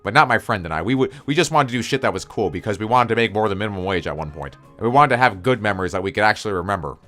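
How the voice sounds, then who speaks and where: A man's voice: fairly low pitch, lively intonation, rapid-fire, a bit bright, soft background music. A young man telling a personal story in a casual, crude, joking way with mock-spooky flourishes.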